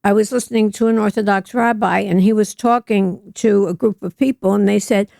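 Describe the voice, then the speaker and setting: Woman in her 80s, Jersey accent, gravelly, earnest and reflective, dry recording. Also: medium pitch, fairly even intonation, brisk, a little mellow, no room sound. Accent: New Jersey. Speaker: guest. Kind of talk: casual interview conversation.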